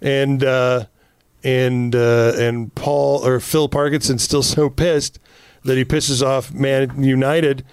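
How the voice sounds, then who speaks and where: A man co-hosting a political podcast, telling stories in a casual, animated way, swearing freely and acting out quotes. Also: mid-range voice, slow pace, clear, resonant tone, no echo, clean studio sound. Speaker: podcast co-host.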